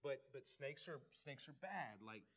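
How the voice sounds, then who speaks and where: A man's voice: mid-range voice, lively intonation, measured pace, a bit bright. Folksy man preaching a sermon. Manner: folksy and joking, repeats words often. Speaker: pastor. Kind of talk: casual conversational sermon.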